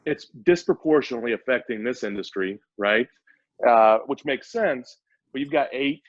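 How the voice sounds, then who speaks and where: A man's voice: mid-range voice, dry recording. A man speaking as a startup CEO guest in a casual interview, eager and explaining at length with frequent restarts. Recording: dull, dry lo-fi audio.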